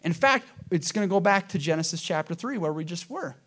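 A man preaching a sermon to his congregation, asking them questions and swinging between loud emphasis and hushed moments. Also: sits high, lively intonation, brisk. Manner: addresses congregation directly with questions. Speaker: pastor.

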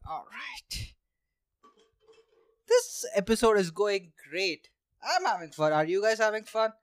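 A young Indian man with a high voice and big pitch swings talks slowly while hosting a solo podcast from home on a handheld mic. Drinking as he goes, he rambles sarcastically, swearing and laughing, in a dry recording.

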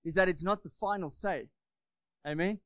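A man's voice: high voice, normal speed, clear, resonant tone, no echo. A man preaching a sermon in a church, fervent and repetitive, often asking for amens. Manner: fervent, repeats phrases, asks the congregation for amens.

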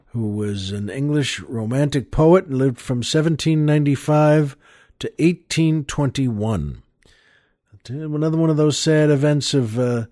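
A man's voice: mid-range voice, darkish tone, no room sound, studio quality. An older man hosting a podcast, telling a joke in a rambling, chuckling way, with lots of fillers. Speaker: podcast host. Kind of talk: casual storytelling chat.

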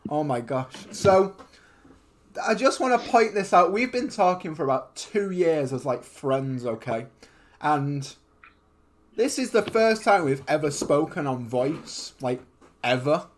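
A man's voice: fairly high pitch, animated, unhurried, slight background noise. Man hosting a rambling podcast chat. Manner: rambling, self-mocking, stumbles over words. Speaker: podcast host. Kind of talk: casual chat.

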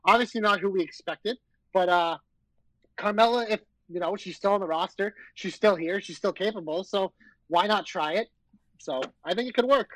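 Man, podcast co-host, high voice, laid-back wrestling talk, dry recording. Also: normal speed, fairly bright tone, no echo, rough recording. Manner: swearing, teasing, easygoing. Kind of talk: casual wrestling chat.

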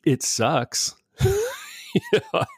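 Drawing out his words, a middle-aged father rambles through a casual talk on schooling, full of restarts and laughter. The recording is dry and studio quality.

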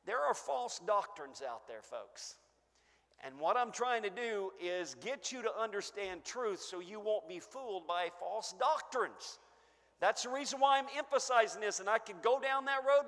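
A man preaching a sermon, emphatic, swinging between booming stresses and hushed asides. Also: lively intonation, moderate pace. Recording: long echo of a church hall.

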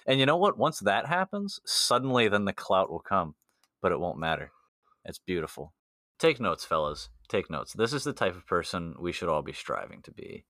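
A man co-hosting a comedy podcast, rambling and excitable, laughing often as he riffs. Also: sits low, normal speed, no room sound, clean studio sound. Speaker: podcast co-host. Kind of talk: casual comedic chat.

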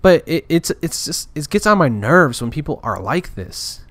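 A man's voice: fairly high pitch, big pitch swings, moderate pace, fairly bright tone, dry recording. Frustrated rambling man, dry sound. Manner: frustrated, rambling with many restarts. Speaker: podcaster. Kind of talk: casual ranting monologue.

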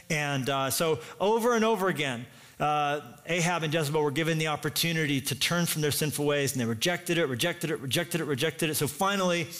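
A man's voice: on the high side, a bit bright. A man preaching a sermon as pastor, telling the story with energy and acting out the voices himself.

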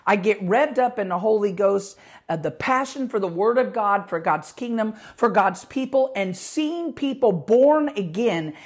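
A middle-aged woman pastor preaching with passion, her voice growing louder as she gets excited. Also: medium pitch, measured pace. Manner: passionate, rising volume when excited. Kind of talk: podcast sermon.

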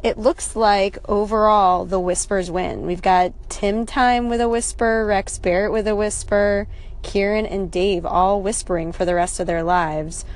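A woman host in casual chat, upbeat as she announces a winner. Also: medium pitch.

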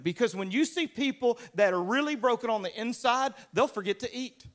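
A man from Louisiana with a Southern US accent, preaching a sermon as a pastor through animated, humorous storytelling with acted-out voices. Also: extremely high pitch, fairly quick.

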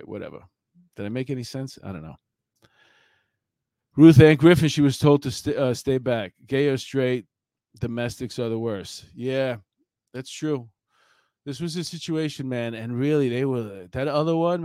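A man's voice: medium pitch, darkish tone, no room sound. A middle-aged man, a former police officer telling a story in a blunt, rambling way with many fillers. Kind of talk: casual storytelling commentary.

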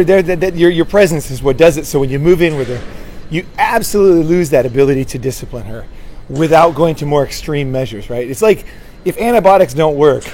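Dating advice comes from a man whose voice sits a little high and a little mellow, with slight noise in the background. His monologue is casual and wandering, full of restarted sentences and lines capped with "right?"

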